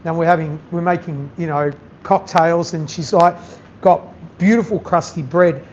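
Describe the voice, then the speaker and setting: A man's voice: a little high, moderate pace, darkish tone. A man, a chef giving a masterclass, talking bluntly and animatedly to an audience and swearing freely. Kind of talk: candid talk to an audience. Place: event venue with audience. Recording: slightly dull sound with faint noise.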